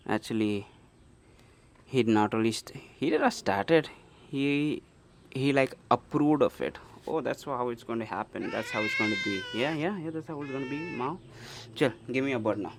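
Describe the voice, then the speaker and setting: A young man vlogging casually to his viewers while coaxing his pet cat, often calling out loudly. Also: medium pitch, slight background noise. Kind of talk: casual vlog talk to camera.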